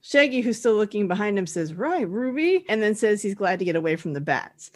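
A woman's voice: mid-range voice, fast. A woman co-hosting a podcast, telling a cartoon episode's plot in a chatty style full of "like"s. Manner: storytelling recap, chatty, with many "like"s. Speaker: podcast co-host. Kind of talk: casual chat recapping a cartoon episode.

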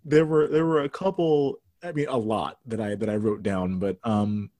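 A man hosting a podcast, relaxed and chuckling as he recounts movie lines in casual chat. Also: lowish voice, moderate pace, dry recording. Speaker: podcast host.

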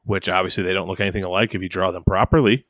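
Brief: young male co-host, lowish voice, dry close mic, goofy and easygoing. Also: fairly even intonation, very fast, a bit bright, dry recording. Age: young adult. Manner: goofy, musing, laughs easily. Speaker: podcast co-host. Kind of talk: casual chat.

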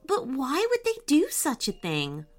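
A woman's voice: huge pitch swings, a little slow, faint music behind, heavily acted. A woman doing Annika, an eager young girl. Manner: high, eager delivery. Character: bright, kind, bold young girl. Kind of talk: children's storybook reading.

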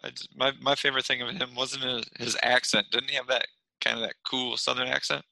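A man's voice: medium pitch, level tone, brisk, gravelly, sharp tone, dry recording, low-quality recording. A man hosting a sports podcast, leading the talk and making blunt, jokey put-downs of players. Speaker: podcast host. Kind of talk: casual sports chat.

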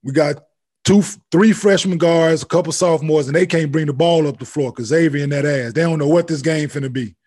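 Podcast host, man, relaxed and profane, somewhat high voice. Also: brisk. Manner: relaxed, laid-back, profane. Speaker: podcast host, former college basketball player. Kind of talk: casual chat.

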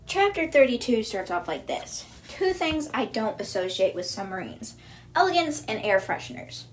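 A woman's voice: on the high side, sing-song, moderate pace, slight background noise. A woman hosting a podcast, giving a casual recap of book chapters in a chatty retelling style, often stumbling over words and correcting herself. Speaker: podcast host.

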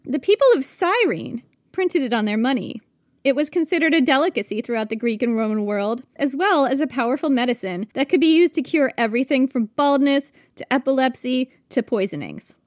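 Woman podcast co-host, high voice, dry close sound, playful storyteller. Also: no echo. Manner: playful, chatty, thinks aloud. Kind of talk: casual history storytelling.

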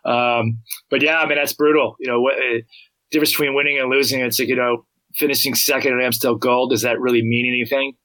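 A man on a podcast giving his view in a halting, searching way, full of fillers. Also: mid-range voice, steady tone, pushed and bright, no room sound, poor audio. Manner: halting, many fillers and restarts. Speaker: podcast guest. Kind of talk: casual analytical chat.

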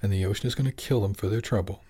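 A blunt, streetwise animal fisheries boss, as a man voices him in a storybook reading. He talks in slangy, pressing turns in a low male voice. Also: rapid-fire, warm tone, slightly rough.

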